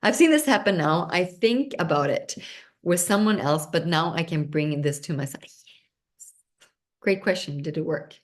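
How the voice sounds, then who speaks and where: A woman hosting an online seminar, talking in a lively, bubbly and intense way. She speaks English as a second language, her first being Swedish. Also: sits low, measured pace. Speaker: seminar host.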